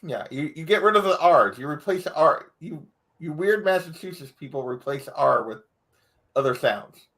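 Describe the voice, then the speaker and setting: Male, playful ribbing, very expressive pitch. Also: normal speed. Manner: teasing, laughs easily. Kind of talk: casual chat.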